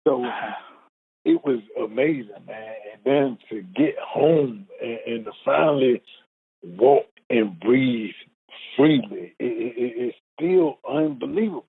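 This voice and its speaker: Husky-voiced man on a tinny line. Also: medium pitch, lively intonation, takes it slowly. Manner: earnest, repeats words when moved, acts out quoted speech. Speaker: guest telling his life story. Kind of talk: emotional personal storytelling. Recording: phone-like narrow band.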